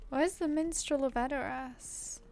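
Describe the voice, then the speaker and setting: A woman's voice: high voice, a little slow, darkish tone. A woman with an English accent chatting casually and laughing with viewers while streaming a fantasy game. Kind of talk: casual live-stream chat.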